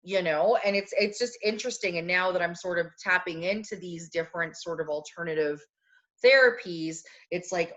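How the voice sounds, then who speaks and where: A woman co-hosting a podcast, chatting casually and telling animated stories about her life. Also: fairly low pitch, normal speed, dull audio. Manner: chatty, animated storytelling with acted quotes. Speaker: podcast co-host. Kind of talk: casual chat.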